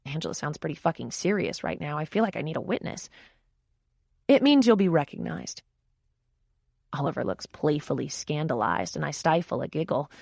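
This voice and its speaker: Expressive woman reading a romance audiobook. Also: deep voice, fast, gravelly, few pauses, slightly rough, no room sound, studio quality. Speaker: audiobook narrator. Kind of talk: first-person audiobook narration.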